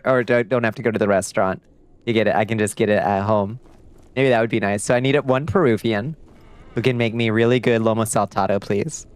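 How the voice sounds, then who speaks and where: A man chatting casually and swearing often while livestreaming a game, reacting loudly and talking to his chat. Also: on the low side, clean tone. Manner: profane, excitable, chatty with chat. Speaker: streamer.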